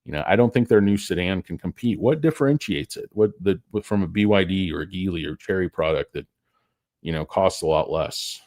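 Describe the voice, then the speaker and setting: A man's voice: low-pitched, brisk, darkish tone, dry recording, studio quality. A tired man hosting a stock market show, rambling through casual, profane, joking commentary that wanders off topic.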